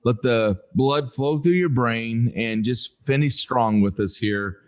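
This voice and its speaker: A man co-hosting a podcast in casual chat, unhurried and hesitant, with many fillers. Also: medium pitch. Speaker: podcast co-host.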